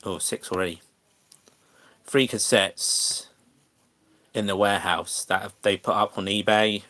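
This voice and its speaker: A man's voice: lowish voice, steady tone, unhurried, sharp tone, no room sound. An English man chatting casually to viewers on a livestream, hesitant and full of fillers and restarts. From England.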